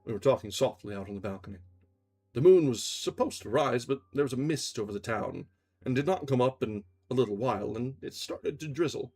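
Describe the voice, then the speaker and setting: A man reading a novel aloud on his livestream channel in a calm storytelling manner. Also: mid-range voice, fairly quick, breathy edge, faint music behind. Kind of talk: audiobook-style reading on a livestream.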